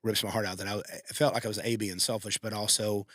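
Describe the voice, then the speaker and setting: A man's voice: lowish voice, steady tone, quick pace, fairly bright tone, no echo, studio quality. A man co-hosting a podcast, telling a heartfelt personal story in a rambling, emotional way with many restarts. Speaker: podcast co-host. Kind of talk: casual storytelling.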